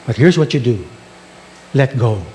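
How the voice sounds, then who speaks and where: A man voicing God speaking calmly from the heavens, giving steady commands. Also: mid-range voice, unhurried, slight background noise, voice pushed down, lightly acted.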